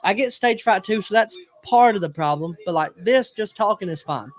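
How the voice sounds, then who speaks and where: A man, casually telling an animated story on a podcast and acting out other people's lines. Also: high-pitched, moderate pace. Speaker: podcast host.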